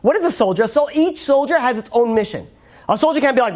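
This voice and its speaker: A rabbi speaking quickly in a relaxed Torah class. He talks in a loose, chatty way, leans on casual fillers, and slips into voices for the people in his stories. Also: very high-pitched. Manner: chatty, acts out quotes, many fillers.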